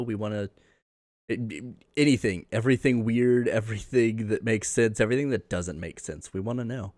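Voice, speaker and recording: A man co-hosting a casual podcast over a call, relaxed and laughing often as he talks. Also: medium pitch, a little fast, no echo, studio quality. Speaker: podcast co-host. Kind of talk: casual chat.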